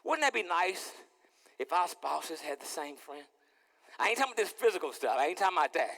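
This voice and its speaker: A man preaching as pastor in a lively, playful sermon, acting out little scenes and repeating his words. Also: on the high side, a little fast, creaky, in a large hall. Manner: animated, playful, repeats words, acts out dialogue. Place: church sanctuary.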